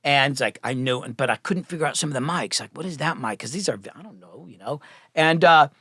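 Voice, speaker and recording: A middle-aged man, a music producer, telling stories as a podcast guest, animated and profane, acting out the people he quotes. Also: fairly high pitch, fairly quick, husky, no echo, clean studio sound. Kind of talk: casual storytelling.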